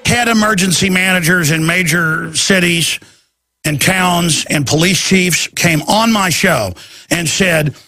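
A man's voice: high voice, slow, sharp tone. A man hosting a talk show, delivering a heated, emphatic and urgent radio monologue.

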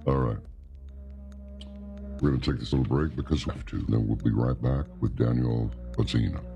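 A man hosting a radio talk show, briskly steering his guest toward a break and reading ads. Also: animated, lo-fi sound, over music. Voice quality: very deep and gravelly.

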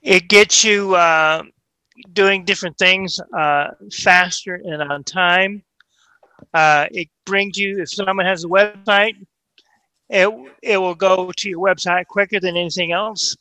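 A man's voice: sits high, steady tone, a little slow, bright, forceful tone, dry recording, rough recording. A man in a group discussion, speaking hesitantly with many fillers. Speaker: guest.

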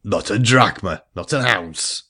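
A man's voice: fairly low pitch, measured pace, creaky, pushed and bright, heavily acted. A narrator voicing a stubborn old pirate captain who splutters his refusals. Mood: defiant. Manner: spluttering, defiant.

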